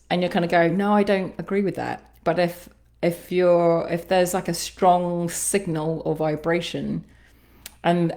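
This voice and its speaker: Slow, low-voiced musing woman. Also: a little mellow. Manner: slow, musing, halting, with sighs and laughs. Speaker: sound healer and life coach. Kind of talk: livestreamed guided self-reflection.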